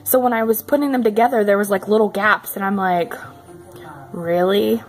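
A woman's voice: medium pitch, fast talker, faint music behind. A young woman chatting casually in a home vlog, giggly and full of fillers, filmed on a handheld phone indoors. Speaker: vlogger. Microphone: handheld phone camera.

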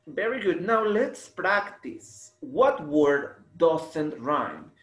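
A man teaching a slow English lesson to young students, stretching words out and repeating them for the class to copy. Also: on the high side, sing-song. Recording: echoey room.

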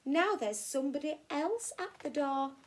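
A woman's voice: high-pitched, expressive, a little slow, a little hiss or hum, pitched above the performer's own voice. A woman reading kindly fussing Percy. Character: kindly man who shares his bed.

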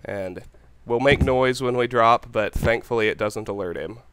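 Calm methodical man commentating gameplay. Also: medium pitch, normal speed, noisy background. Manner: calm, methodical, planning aloud. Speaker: let's play host.

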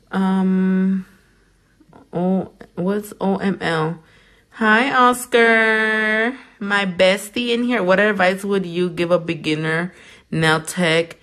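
A woman nail technician in casual livestream chat while doing her nails, blunt and profane as she vents. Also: fairly low pitch. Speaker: nail technician and small business owner.

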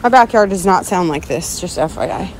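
A woman chatting excitedly in a casual vlog, gushing and upbeat, filmed on a phone indoors and outdoors. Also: on the low side, fairly quick, slight background noise, rough recording. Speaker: vlogger.

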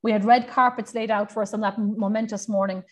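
A woman's voice: medium pitch, steady tone, fast. A woman historian giving a history lecture, reading quoted documents aloud and adding conversational asides with frequent fillers and self-corrections.

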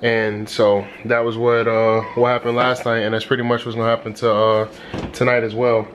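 A man's voice: medium pitch, flat delivery, normal speed, slight background noise. A young man recapping his day in a casual home vlog, rambling with lots of ums and restarts. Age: young adult. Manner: rambling, many fillers and restarts. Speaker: vlogger, husband and father. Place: at home indoors. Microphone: handheld camera.

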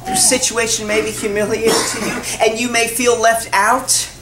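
A woman's voice: a little high, fairly even intonation, normal speed. A woman preacher giving a sermon, driving it home with repeated rhetorical questions. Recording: echoey hall from far off, noisy.

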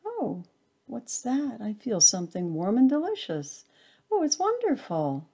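A woman's voice: fairly high pitch, huge pitch swings, measured pace, mellow, slightly rough, pitched above the performer's own voice, full character voice. A woman voicing a small, frightened, lonely acorn in a storybook tale, with breathless pleading cries. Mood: relieved.

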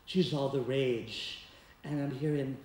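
A man with a steady, slightly mellow medium-pitched voice speaks slowly as he acts out a funny personal story live, occasionally singing. The audience at the community center laughs, and the distant mic catches the hall's echo.

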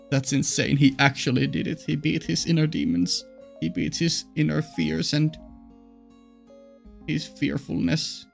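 A man's voice: fairly high pitch, vocal fry. A man hosting a let's play, reading a visual novel aloud and reacting emotionally. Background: faint game music.

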